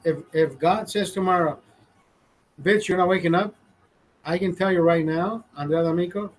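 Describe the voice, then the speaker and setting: A man's voice: high voice, normal speed. A man talking to his stream in a rambling, emotional monologue, swearing often and talking to himself. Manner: rambling, heavy swearing, self-talk.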